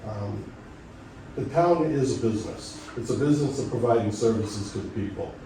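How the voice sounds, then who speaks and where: A middle-aged man speaking insistently and argumentatively at a public meeting, his voice going hoarse. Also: medium pitch, normal speed, background noise. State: losing his voice. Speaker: resident speaking at public comment. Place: town meeting room. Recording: echoey room from far off.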